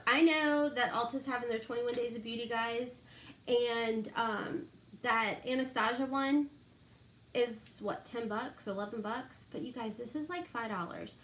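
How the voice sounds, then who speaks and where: Chatty middle-aged lady doing her makeup on a livestream, voice a bit high, roomy echo. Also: fairly bright tone, slight background noise. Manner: chatty, laughs often, reads out viewer names. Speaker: beauty vlogger chatting with live viewers. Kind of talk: casual chat while doing makeup.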